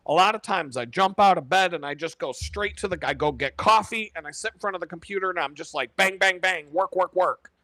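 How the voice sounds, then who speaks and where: A man hosting a casual live stream, talking in an animated, profane way and laughing often. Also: fairly high pitch, no echo.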